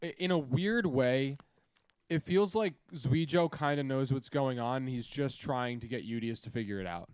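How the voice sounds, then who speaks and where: A man's voice: medium pitch, normal speed, clear, resonant tone, no echo, studio quality. A young man co-hosting a podcast, joking and hyped in casual chat. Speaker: podcast co-host.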